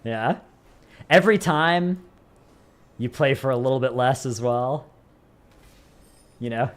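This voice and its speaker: This US streamer talks slowly, his voice at a medium pitch, as he answers viewers in chat. He meanders from thought to thought and cracks jokes about himself.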